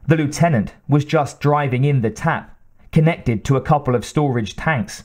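A man narrating an audiobook in a measured reading style. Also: medium pitch, a little mellow. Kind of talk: scripted narration.

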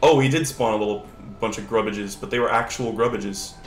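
A young man streaming a video game, chatting casually and excitably with swearing, sudden shouts and laughter. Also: on the low side, fairly quick, roomy sound. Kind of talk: casual gameplay commentary. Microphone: older lower-quality desk mic.

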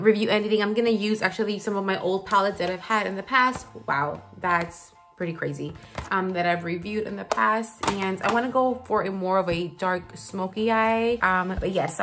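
Woman chatting while doing her makeup, low morning voice, rambly, faint music behind. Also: fairly bright tone. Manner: chatty, rambling, lots of fillers. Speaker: beauty vlogger. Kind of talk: casual get-ready-with-me chat. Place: home, seated at a filming setup.

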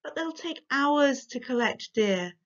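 A woman's voice: sits high, animated, measured pace, a bit bright, voice pushed up. A woman voicing a weary mother in a storybook reading, coaxing and pleading with a hint of exasperation. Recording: dull lo-fi recording.

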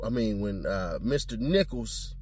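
A man's voice: fairly low pitch, animated, unhurried, darkish tone, breathy edge. A man giving blunt, slangy, profane commentary in a casual talking style.

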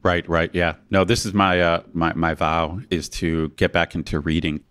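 A man's voice: sits low, level tone, moderate pace, fairly bright tone. An American man hosting a podcast, acting as an eager and agreeable learner in a casual lesson. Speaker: podcast host and language learner.

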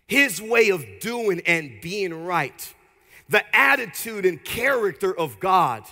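A man pastor preaching an energetic sermon in a church, leading the congregation in call-and-response. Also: high-pitched, slow pace, in a large hall. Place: church sanctuary.

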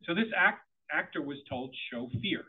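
A middle-aged man giving an interactive presentation to parents, animated and quizzing his audience. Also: on the high side, moderate pace. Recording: tinny phone-like audio.

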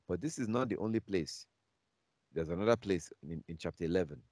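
A man teaching a bible class, emphatic and repetitive, reading scripture aloud slowly and repeating key phrases again and again. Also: deep voice, lively intonation, a little mellow, no echo, clean studio sound.

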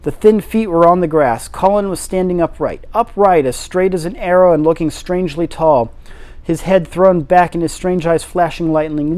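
Male amateur reader, higher voice, steady narration. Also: normal speed. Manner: steady reading with occasional slips and restarts. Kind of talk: audiobook reading of a classic novel.

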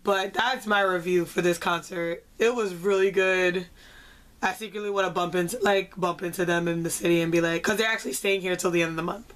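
A woman's voice: on the low side, fairly quick. Chatty young woman reviewing a concert. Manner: excitable and chatty, fills with "like". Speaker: vlogger. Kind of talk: casual concert review vlog.

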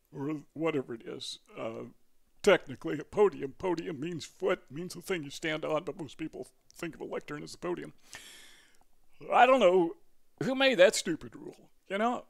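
A man's voice: fairly high pitch, expressive, normal speed, vocal fry. An older man with a Midwestern accent, talking in a rambling, conversational way, full of fillers and self-corrections. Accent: Midwestern American. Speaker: vlogger. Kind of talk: casual talking-head monologue.

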